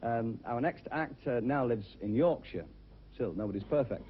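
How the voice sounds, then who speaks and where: A man's voice: mid-range voice, normal speed, dull audio, slight background noise. A man hosting a TV talent show, chatty and jokey with fillers, on worn 1970s VHS TV audio.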